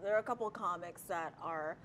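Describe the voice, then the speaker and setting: A woman's voice: lowish voice, quick pace, fairly bright tone, a little hiss or hum. A woman comedian on a casual panel, telling stories in a laughing, self-mocking way. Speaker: comedian guest.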